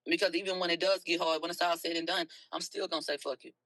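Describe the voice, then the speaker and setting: Livestream host, a woman with a bright voice and a dry close sound, speaking in a blunt, profane rant. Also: lowish voice, little pitch movement, fast, no echo, rough recording. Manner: blunt, profane, swings from soft to loud. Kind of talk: emotional early-morning livestream rant.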